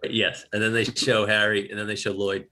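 A man's voice: on the low side, fairly quick. A man hosting a casual chat, recapping film scenes with laughter and quoted lines. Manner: animated, laughing, acts out quotes.

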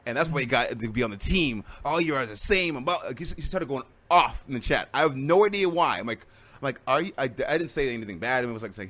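A man streamer chatting casually, rambling through animated stories with many restarts. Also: medium pitch, fast talker. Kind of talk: casual chat.

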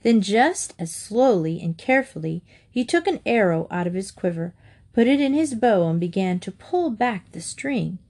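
Female storybook narrator, clear and steady, mid-pitched. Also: normal speed. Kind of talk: reading a children's storybook aloud.

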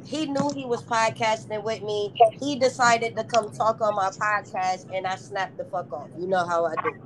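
A woman's voice: medium pitch, slight background noise, poor audio. A woman podcast host bluntly retelling a feud in casual, profane chat.

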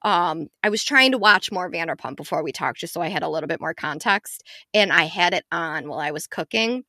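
Woman, podcast co-host, casual chat, gossipy, swears a lot, bright tone. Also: on the low side, dry recording, clean studio sound. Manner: gossipy, animated storytelling with frequent swearing.

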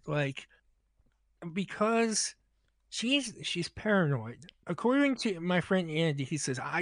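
This podcast storyteller's voice sits a little high and sounds a bit bright as he voices both parties in a lengthy, casual anecdote. The sound is dry and studio-clean.

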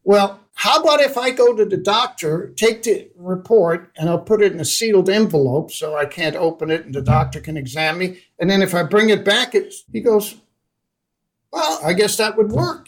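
An older man from the Netherlands, a guest in an interview, telling a personal story in a lively way and acting out the lines of the people in it. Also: high-pitched, normal speed, few pauses, poor audio. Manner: animated storyteller who acts out dialogue. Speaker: guest investor.

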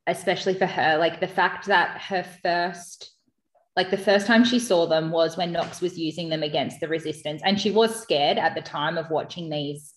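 A woman's voice: fairly low pitch, fairly even intonation, moderate pace, reverberant. A woman author chatting casually about her book, rambling with lots of fillers and laughing often. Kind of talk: casual podcast chat.

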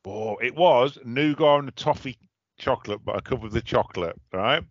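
A man's voice: mid-range voice, moderate pace, no echo. A man, co-hosting a casual podcast chat, chatty and often breaking off to look things up. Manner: chatty, looks things up while talking, self-interrupting. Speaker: podcast co-host. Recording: dull lo-fi dry recording.

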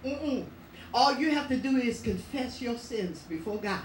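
A woman's voice: fairly high pitch, animated, unhurried, a little hiss or hum. A woman preaching a sermon in church, with an emphatic, repetitive preaching cadence. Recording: echoey room, voice from far off.

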